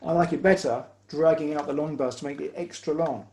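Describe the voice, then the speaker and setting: A man giving a patient, step-by-step online music lesson on the hurdy-gurdy, pausing often as he explains. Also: on the high side, heavy background noise. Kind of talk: online music workshop instruction. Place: home room, online workshop.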